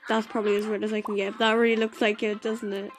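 A woman chatting excitably to viewers while playing a game, with loud game music behind her voice. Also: mid-range voice, fast, poor audio. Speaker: gameplay video maker. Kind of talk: casual gameplay commentary.

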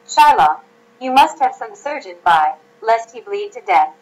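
A woman reading the part of a wise young woman disguised as a lawyer in an audiobook, calm and measured. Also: a little high, low-quality recording.

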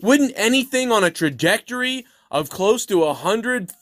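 A man's voice: sits high, lively intonation, moderate pace, no room sound, studio quality. Furious profane man ranting alone. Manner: angry, swearing nonstop, rising to loud outbursts. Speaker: podcast host. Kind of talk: profane solo rant.

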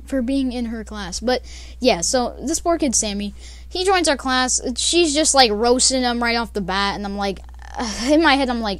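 Young woman vlogger, high animated voice, rambling storytime, dry close sound. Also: no echo. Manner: rambling, with many fillers and laughs. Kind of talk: casual storytime.

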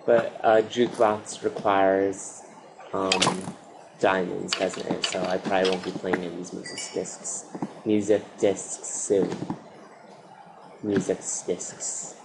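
A lower-voiced man narrating his survival game run, swinging from quiet muttering to sudden excited shouts at the monsters. His voice sits over a clearly audible noise floor, like a home setup. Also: unhurried. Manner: excitable, yelling at mobs, frequent outbursts. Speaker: gaming commentator. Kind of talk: Minecraft let's play commentary.

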